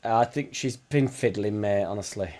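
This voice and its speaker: A man's voice: on the low side, normal speed, dark tone. A Yorkshire man hosting a casual football watchalong stream, chatting bluntly with viewers, swearing and bantering. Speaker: livestream host.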